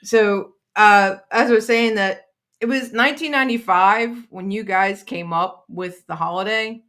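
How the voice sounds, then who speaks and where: A woman co-hosting a casual interview show, chatty and joking with quick asides. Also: mid-range voice, fairly bright tone. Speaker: podcast co-host.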